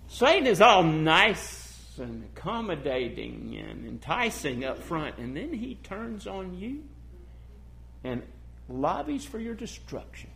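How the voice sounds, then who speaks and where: A male preacher with a somewhat high voice delivers a sermon with passion. He builds to loud, emphatic declarations, then drops to a hushed, intimate tone, and keeps asking his listeners questions. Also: sing-song, takes it slowly, vocal fry, a little hiss or hum. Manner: asks the congregation rhetorical questions.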